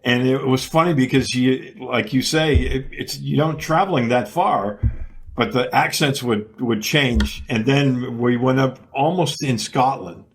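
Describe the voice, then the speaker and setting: This man speaks with a Boston accent and a somewhat husky voice at a middling pitch. He hosts a casual podcast interview, chatting with a lot of fillers and restarts. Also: a little slow. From United States. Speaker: podcast host.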